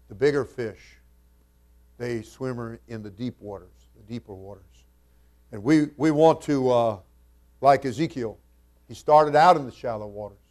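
A man, the senior pastor, preaching a sermon that moves from quiet, conversational asides to loud, emphatic scripture readings in King James wording. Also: mid-range voice.

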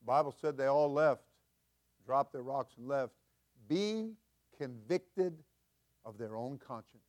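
An older man preaching as senior pastor, folksy and chuckling, building to loud emphatic peaks. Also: mid-range voice, a little slow. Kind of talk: sermon.

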